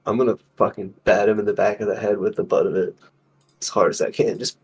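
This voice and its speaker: A man's voice: fairly low pitch, little pitch movement, quick pace, breathy edge. A man casually describing his character's actions in a tabletop game, swearing freely. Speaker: player.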